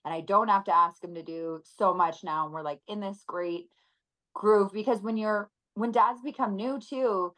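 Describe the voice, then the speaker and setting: A woman in her thirties talking earnestly and emotionally as a podcast guest, with many pauses and fillers. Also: medium pitch, a bit bright, low-quality recording. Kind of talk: casual interview chat.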